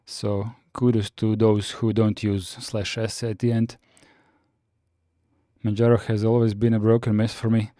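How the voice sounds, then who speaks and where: A man with a warm, mellow voice teaches on a live stream, working through his notes in a steady, explanatory way. He answers viewer chat between points and fills pauses with "uh". The sound is dry and close, recorded at a desk mic. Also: fairly low pitch, no room sound. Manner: steady and explanatory, with frequent "uh" fillers. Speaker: Linux course host.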